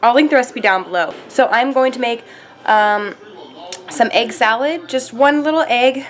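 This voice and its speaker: A chatty young woman vlogging her day in a slightly high voice. She talks casually and keeps turning to her viewers as "you guys.". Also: normal speed. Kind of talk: casual chat.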